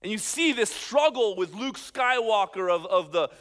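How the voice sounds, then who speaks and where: A man, a pastor, preaching a sermon with animated emphasis, swinging between loud points and quiet asides. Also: high-pitched, moderate pace. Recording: long hall reverb.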